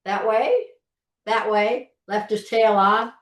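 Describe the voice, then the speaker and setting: A woman's voice: mid-range voice, fairly even intonation, slow. Chatty woman teaching cooking over a call. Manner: chatty, folksy, restarts often while demonstrating. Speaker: cooking instructor. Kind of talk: live online cooking class. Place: home kitchen. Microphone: video call from a distance. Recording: roomy kitchen, mic far off.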